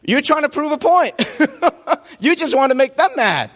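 A male pastor with a high, lively voice that swoops up and down as he preaches. He is playful and joking with a volunteer on stage. His words ring out with the long reverb of a church hall. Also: normal speed. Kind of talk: sermon.

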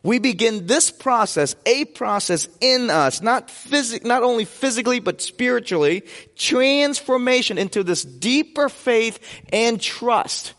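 A man's voice: extremely high pitch, animated, unhurried, fairly bright tone, long reverb tail. A man preaching a sermon as pastor, conversational and joking with his congregation in a church sanctuary.

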